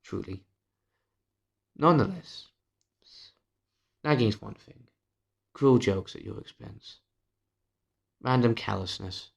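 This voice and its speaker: A man talking straight to camera in a confessional vlog, his low voice heavy with gravel and a husky edge. He is candid and bitter, swears without holding back, and keeps sinking to a hushed murmur. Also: big pitch swings, measured pace, long pauses. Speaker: vlogger. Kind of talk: confessional personal vlog monologue.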